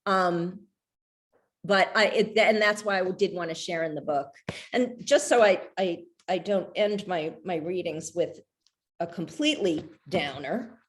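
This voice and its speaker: A woman's voice: on the low side, unhurried. A middle-aged woman, an author, talking about her memoir at a reading, candid and hesitant, with many fillers and restarts. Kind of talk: casual talk at a reading.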